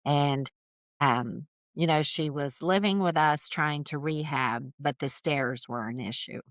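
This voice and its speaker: A middle-aged woman, a podcast guest, telling family stories in a chatty, animated way with lots of fillers. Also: sits low, measured pace, no echo, dull audio. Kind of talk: casual storytelling conversation.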